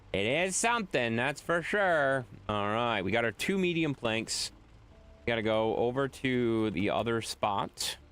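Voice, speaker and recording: A young man, a game streamer casually chatting with his viewers from home and answering the chat as he plays. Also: on the low side. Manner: reads chat aloud and answers it, joking and repeating himself. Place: home room with a green screen.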